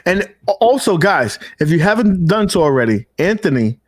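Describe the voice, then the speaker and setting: A man's voice: high-pitched, very animated, moderate pace. A man hosting a casual gaming podcast, talking loosely with slang and fillers. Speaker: podcast host.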